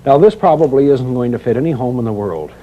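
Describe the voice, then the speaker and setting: A man's voice: medium pitch, expressive, fast talker, mellow, highs cut off. A middle-aged man hosting a home improvement show, explaining a woodworking project in a chatty, teasing, homespun way. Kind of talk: folksy how-to demonstration. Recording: 1990 VHS tape with faint hiss.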